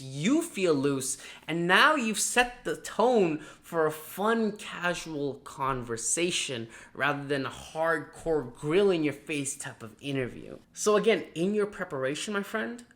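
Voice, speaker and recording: A man coaching viewers on job interviews in a direct-to-camera vlog, energetic and animated, now and then acting out quick mock dialogues. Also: on the high side. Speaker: marketing coach.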